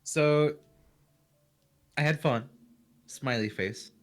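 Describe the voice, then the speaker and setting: A man's voice: a little high, extremely slow. A man, a tabletop player, chatting casually and with animation, laughing and swearing freely. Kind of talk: casual chat.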